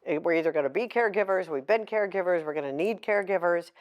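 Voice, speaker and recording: A woman's voice: on the low side, fast talker, highs cut off. A middle-aged woman author giving a candid, heartfelt talk to an audience, mixing emotion with self-deprecating humor. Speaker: author at a book signing.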